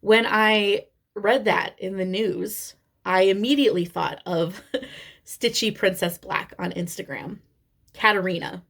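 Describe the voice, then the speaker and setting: Unhurried Midwestern woman vlogger. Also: medium pitch, fairly even intonation, creaky, fairly bright tone. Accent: Midwestern American. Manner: chatty, candid, sprinkles in swearing and laughter. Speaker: cross-stitch vlogger. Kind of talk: casual chat.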